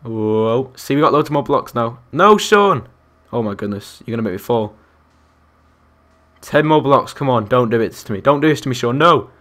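Young guy live streaming a game, chatty, counts blocks out loud, talks to chat. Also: medium pitch, a little fast. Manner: chatty, counts aloud, reacts to chat and other players. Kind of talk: live gameplay commentary.

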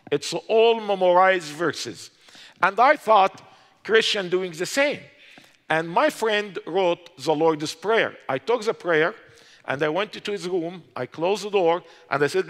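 High-voiced Egyptian man preaching in a reverberant hall. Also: a bit bright. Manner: impassioned, rising to urgent exhortation; halting non-native grammar. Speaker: speaker giving his conversion testimony. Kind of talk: preached testimony. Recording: long reverb of a large hall.

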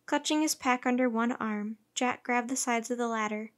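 A woman reads a children's chapter book aloud. Her voice sits fairly high and her narration stays steady and clear. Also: moderate pace. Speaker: storyteller.

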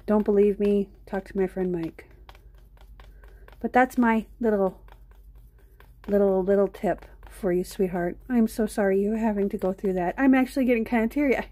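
A woman's voice: mid-range voice, fairly even intonation, unhurried, pauses often, mellow. A middle-aged woman hosting an art live stream, rambling and chatting straight to her viewers. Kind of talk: casual live-stream chat.

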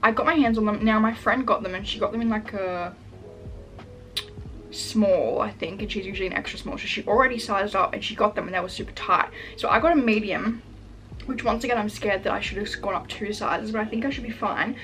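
A young woman vlogger chatting casually while unboxing packages at home, gushing and excitable, full of "like" fillers. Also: medium pitch, fairly quick, faint music behind. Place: room at home. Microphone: camera set up in front of her.

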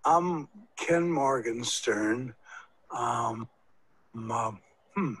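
A man in his eighties answering his daughter's questions slowly and unsurely, with dry humor. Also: mid-range voice, fairly bright tone, breathy edge, low-quality recording. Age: 80s. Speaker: interviewee. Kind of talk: recorded family interview.

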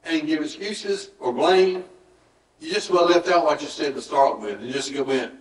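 A Southern pastor delivering a folksy, conversational sermon, his voice a bit higher than most men's. He is picked up from some distance in an echoey church room. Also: expressive, normal speed. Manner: folksy, conversational preaching with acted-out quotes. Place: church sanctuary.

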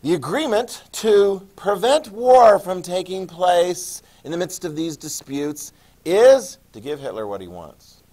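A man teaching a history class, lecturing in an animated way and quizzing students. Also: high-pitched, measured pace. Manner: animated, acts out countries in jokey voices; asks the class questions.

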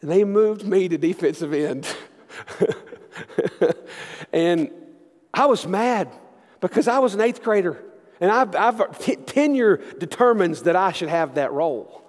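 A middle-aged man, a senior pastor preaching a sermon and telling a story. His delivery is animated, swinging from loud to hushed. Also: high voice, unhurried. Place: large church sanctuary. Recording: long church reverb.

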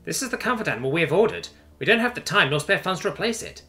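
A man voicing a calm male alien crewman with talons, explaining things in a matter-of-fact way. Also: a little high, fairly quick. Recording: faint music underneath.

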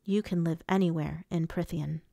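A woman reading an audiobook voices a gruff, growling male fae lord with low, clipped lines. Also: fairly even intonation, normal speed, warm tone, dry recording, studio quality.

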